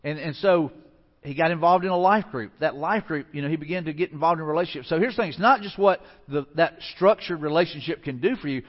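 A man's voice: on the high side, fast, big-room sound, dull audio. A man pastor delivering a conversational sermon, telling stories with frequent restarts. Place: church sanctuary.

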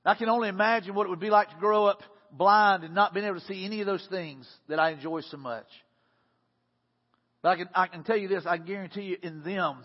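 A man preaching a sermon in a casual, conversational way, repeating words and swinging between loud and hushed delivery. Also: sits high, fast, slightly rough. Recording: dull sound with long reverb.

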